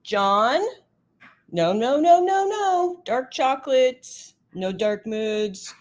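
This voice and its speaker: A middle-aged woman chats with viewers on a casual livestream. Her voice swings widely in pitch and she laughs readily. She is emotional and talkative, reading comments aloud. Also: slow. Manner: chatty and emotional, laughs often, lively pitch. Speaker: livestream host.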